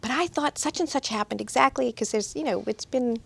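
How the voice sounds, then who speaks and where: A woman's voice: a little high, creaky, slightly rough. Chatty middle-aged woman author. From United States. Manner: upbeat, chatty, quick to laugh. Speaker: author guest. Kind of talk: casual interview chat. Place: TV studio.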